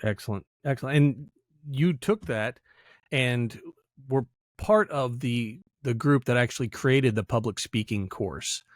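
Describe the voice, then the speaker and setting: A man's voice: medium pitch, animated, unhurried, no room sound. Easygoing male podcast host, dry mic. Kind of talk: casual podcast interview.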